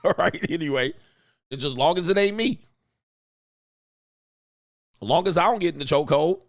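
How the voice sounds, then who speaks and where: A man's voice: medium pitch, a bit bright. A man hosting a casual livestream, joking loosely with slangy, profane street talk, laughing often and reading viewer comments aloud. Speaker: livestream host.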